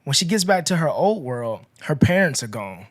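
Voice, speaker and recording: A man hosting a podcast, casually retelling a movie's plot in a chatty, rambling way, full of "you know" and "like", with his voice rising and dropping in loudness. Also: a little high, sing-song, moderate pace. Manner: chatty, filler-heavy storytelling with swings in loudness. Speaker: podcast host.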